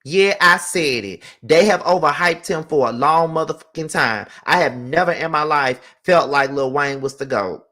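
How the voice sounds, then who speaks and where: A man's voice: on the high side, moderate pace, few pauses, sharp tone. A man hosting his own vlog, ranting heatedly with plenty of profanity and repetition, speaking from home. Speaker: vlogger host. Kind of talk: casual ranting vlog commentary.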